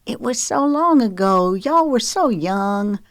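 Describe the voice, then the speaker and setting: A woman's voice: a little high, animated, takes it slowly, dry recording, pitched above the performer's own voice. A woman reading the part of a frank, coaxing middle-aged mother in an audiobook, in a dry recording.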